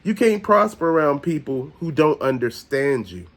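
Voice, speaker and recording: A man's voice: fairly high pitch, very animated, moderate pace. A man hosting his own channel, delivering a blunt, profane, preachy rant straight to viewers. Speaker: host. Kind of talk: ranting monologue.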